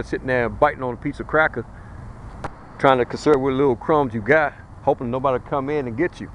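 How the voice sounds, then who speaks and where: Street preacher guy going off outside, blunt and slangy, middle-pitched voice, bit of traffic hiss behind. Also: rough recording. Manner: blunt, colloquial and emphatic, warning listeners. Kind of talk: fiery street sermon.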